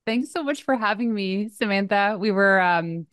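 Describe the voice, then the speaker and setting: A woman from Canada, a PR expert, talking as a guest on a podcast in an energetic, casual way. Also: mid-range voice, normal speed, smooth, dry recording, studio quality. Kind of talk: casual interview chat.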